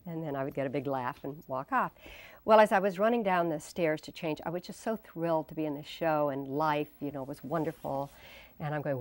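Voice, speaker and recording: Older woman in her 60s on an interview, low voice, dry close sound, tells stories all animated and does everybody's voices. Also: fairly quick, no echo. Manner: animated storyteller acting out quoted voices. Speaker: interview guest. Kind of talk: casual storytelling interview.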